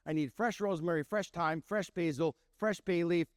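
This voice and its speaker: Speaking at a normal pace with a fairly high, clean tone, this middle-aged man tells stories to an audience. A chef and restaurant owner from Milwaukee, Wisconsin, he animates each tale by performing the quoted voices, recorded in the studio without room sound.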